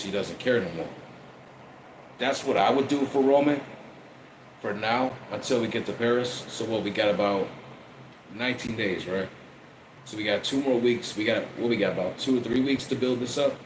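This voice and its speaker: A man giving a casual wrestling review, profane and repeating himself as he rambles. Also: lowish voice. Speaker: wrestling commentator. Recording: echoey room with faint air conditioning hum.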